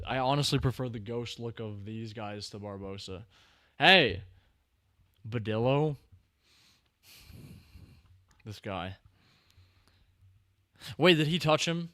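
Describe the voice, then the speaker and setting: A man hosting a live stream, chatting casually and reacting excitedly to the screen and his chat. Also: medium pitch, a little slow, long pauses, no echo, studio quality. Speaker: streamer host.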